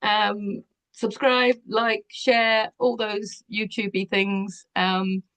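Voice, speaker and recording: A woman giving a spiritual tarot reading, speaking gently and calmly, often laughing softly. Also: medium pitch, very slow. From United Kingdom. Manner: soft, gentle, breathy calming guidance with frequent laughs. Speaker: tarot reader.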